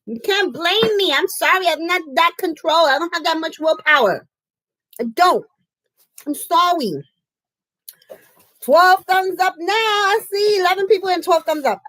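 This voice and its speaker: Brief: American woman live-streaming, effusive, high voice, dry close mic. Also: moderate pace, fairly bright tone, dry recording, low-quality recording. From United States. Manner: chatty and effusive, often laughing. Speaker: crafting livestream host. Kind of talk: casual live-stream chat.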